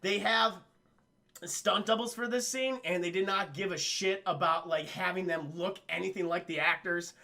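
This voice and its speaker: A young man streaming a casual film recap, rambling and swearing as he talks to his chat. His voice is bright and gravelly, pitched fairly high. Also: steady tone, normal speed.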